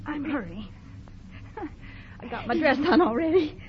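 A practical, motherly chorus girl comforts a friend in a lively, soothing voice. She comes from a vintage radio play. The broadcast sound is dull and muffled. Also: high voice, a little slow. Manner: soothing and down-to-earth. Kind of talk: 1930s radio acting. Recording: dull old radio recording.

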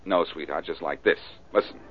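A man's voice: low-pitched, fairly quick, very noisy, lightly acted. A man playing a wisecracking cool detective. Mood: cocky. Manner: dry wisecracks, easygoing. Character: wisecracking male ex-thief detective, cool and cocky. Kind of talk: 1940s radio acting. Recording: dull old radio broadcast.

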